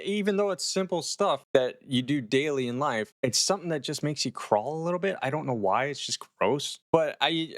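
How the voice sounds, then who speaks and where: A man with a mid-range voice recaps a horror episode with animated, profane energy. His voice is close and dry, with no room sound, and he slips easily into the characters he is describing. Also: medium pitch, no room sound. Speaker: horror series reviewer and host.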